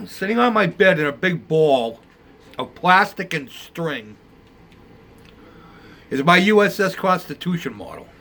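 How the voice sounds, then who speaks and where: A man's voice: high voice, big pitch swings, slow pace, long pauses, sharp tone. An older man telling a casual, rambling story about building model ships, with plenty of fillers. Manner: rambling, conversational, with many fillers.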